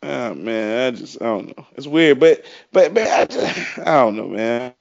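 A man's voice: medium pitch, lively intonation, unhurried, vocal fry, no room sound. Man, podcast co-host, rambling storyteller, muffled lo-fi, dry. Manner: rambling, many "you know" fillers. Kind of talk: casual chat, storytelling. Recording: dull dry lo-fi audio.

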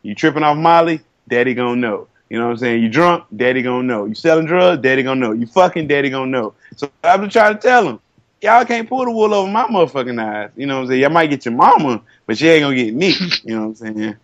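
A relaxed man in his thirties spins a long, profane story on a podcast, drawling and acting out other people's lines. The sound is dry and close, a little dull and lo-fi. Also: medium pitch, quick pace, no echo. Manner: laid-back storytelling, heavy cursing, acts out quotes. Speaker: podcast co-host. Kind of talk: casual chat.

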